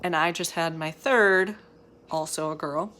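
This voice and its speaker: A woman's voice: deep voice, unhurried, fairly bright tone. A young woman and mother of three talking casually to camera in a rambling, chatty way, full of fillers.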